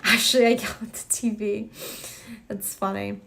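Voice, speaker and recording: A woman's voice: medium pitch, flat delivery, normal speed, creaky, fairly bright tone. A young woman hosting a live stream, chatting casually, greeting viewers by name and reacting with lots of exclamations. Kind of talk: casual chat reading viewer comments.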